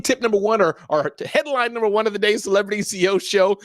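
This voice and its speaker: A man's voice: high-pitched, quick pace, no room sound, clean studio sound. A man hosting a live business talk show, upbeat and chatty, often laughing as he moves through the topics. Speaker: show host.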